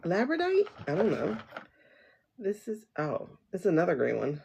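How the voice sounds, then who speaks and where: A woman's voice: lowish voice, wildly swooping pitch, normal speed, vocal fry, dull audio, noisy background. A woman hosting a casual tarot livestream from home, rambling and chatty, laughing often as she talks to viewers through her phone.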